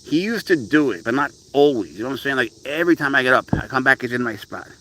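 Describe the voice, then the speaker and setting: A man in a loose, rambling live-stream chat about his cat, turning to viewers now and then. His voice sits at a middle pitch, with faint insect and cricket noise from outdoors behind it. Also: animated, fast, sharp tone, rough recording. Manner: rambling, talks baby-talk up to his cat.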